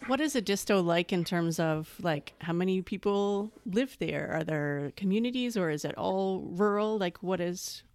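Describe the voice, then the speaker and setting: A woman's voice: on the low side, animated, moderate pace, hardly any pauses, a little mellow, no room sound. A woman interviewer asking curious, loosely phrased questions.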